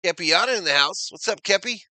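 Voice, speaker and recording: An energetic male streamer calls a football game play by play and breaks off to chat with his viewers. His voice is very bright and a little high, and it is recorded dry and close with no room sound. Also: fairly quick, dry recording. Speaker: live stream sports commentator. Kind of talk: live play-by-play commentary.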